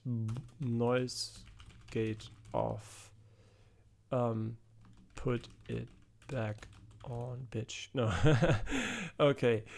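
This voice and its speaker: A man's voice: medium pitch, vocal fry, darkish tone. A man streaming a video game live, chatting casually with many fillers and swear words.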